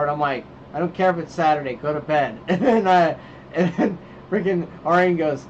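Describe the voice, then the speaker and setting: A man's voice: a little high, a little fast. A man co-hosting a casual podcast, rambling through stories about his kids and acting out their lines. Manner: rambling storyteller, acts out his kids' lines. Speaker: podcast co-host. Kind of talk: casual chat. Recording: dull lo-fi sound with faint noise.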